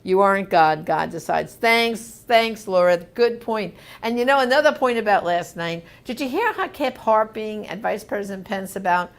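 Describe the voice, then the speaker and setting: A woman's voice: medium pitch, expressive, normal speed, creaky, few pauses. A woman hosting a live question-and-answer show, reading viewer comments and answering in an emphatic, indignant, chatty way.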